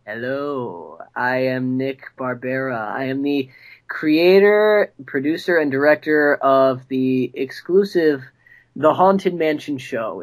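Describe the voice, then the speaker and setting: Animated, slow-talking man from New York. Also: mid-range voice. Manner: animated, laughs a lot. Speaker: podcast guest and creator. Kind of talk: casual podcast chat.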